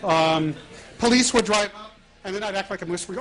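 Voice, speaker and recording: A middle-aged man telling stories to an audience in an animated way, laughing now and then as he talks while walking around with a wireless mic. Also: sits high, brisk, background noise. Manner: animated, laughing at his own prank stories. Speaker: author giving a talk. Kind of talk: storytelling talk to an audience.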